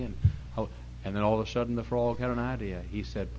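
A male pastor preaching a sermon, telling folksy stories and rising to loud preaching. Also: fairly low pitch, fairly even intonation, fast, slight background noise.

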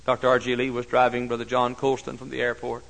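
Man preaching a fiery sermon, bright voice. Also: mid-range voice, completely flat delivery, quick pace, vocal fry, low-quality recording. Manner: preaching with big swings from soft storytelling to shouted climaxes. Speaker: pastor.

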